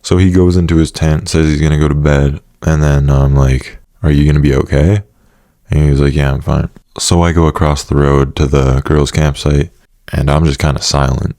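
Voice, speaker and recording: A man's voice: very deep voice, flat delivery, moderate pace, dark tone, dry recording, studio quality. A young man casually telling a personal story, swearing often and laughing now and then. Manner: casual, profane, laughing asides.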